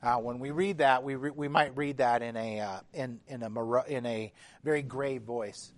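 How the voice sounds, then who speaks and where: A man preaching a sermon in a measured, emphatic way, his intensity rising and falling. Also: mid-range voice, steady tone.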